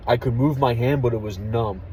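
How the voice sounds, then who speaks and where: A young man, an army veteran, telling a story casually and candidly, with plenty of swearing and a hushed drop in voice at the tense parts. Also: medium pitch, a little fast, a little hiss or hum, poor audio. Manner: candid, profane, drops to a hush for tense moments.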